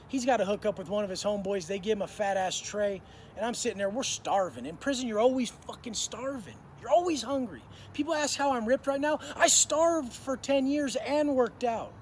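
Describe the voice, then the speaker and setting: In this clip, a man in his thirties tells prison stories to camera, casual and blunt, full of profanity and slang. His voice sits high and sounds animated at a normal pace, with a little hiss or hum in the background.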